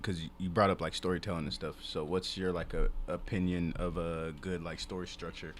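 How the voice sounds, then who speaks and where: A man's voice: deep voice, level tone, fairly quick, a little hiss or hum. A man co-hosting a podcast, asking questions casually with some hesitation. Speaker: podcast co-host. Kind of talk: casual chat.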